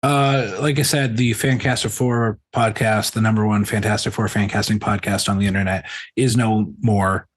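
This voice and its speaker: Lower-voiced man plugging a podcast. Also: steady tone, moderate pace, no room sound. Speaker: player and podcaster. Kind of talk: casual stream chat.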